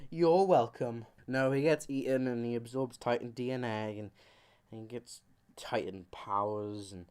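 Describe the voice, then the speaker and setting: A man's voice: mid-range voice, a little mellow. A man giving a comedic anime commentary, rambling and joking with goofy asides. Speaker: YouTuber.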